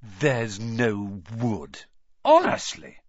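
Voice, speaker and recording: A man voicing a bossy, know-it-all schoolgirl witch in a shrill, insistent voice. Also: big pitch swings, unhurried, a bit bright, breathy edge, no room sound, dull audio, heavily acted.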